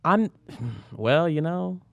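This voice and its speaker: A man's voice: on the high side, lively intonation, slow, vocal fry, a bit bright, dry recording, dull audio. A young man co-hosting a podcast, chatting casually, teasing and cutting in with jokes. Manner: joking, teasing, interrupting. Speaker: podcast co-host. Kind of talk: casual chat. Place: podcast studio.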